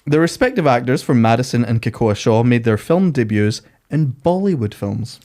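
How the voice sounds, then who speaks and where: A man's voice: medium pitch, lively intonation, normal speed, dark tone. Male podcast host reading out trivia. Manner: reads out trivia, swears casually. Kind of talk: casual chat, running a trivia quiz.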